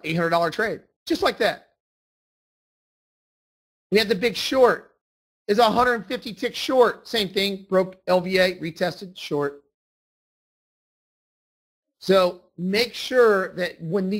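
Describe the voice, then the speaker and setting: A man with a notably high voice runs a trading lesson, insistent and emphatic. He repeats his key points again and again, driving each rule home. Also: fairly bright tone. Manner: emphatic, repetitive, insistent teaching. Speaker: trading instructor. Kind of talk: screen-share trading lesson.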